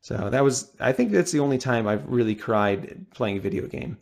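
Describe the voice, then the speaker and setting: A podcast co-host chatting casually, telling personal stories in an earnest, plain way with some fillers. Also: male voice, mid-range voice, animated, normal speed, vocal fry, darkish tone.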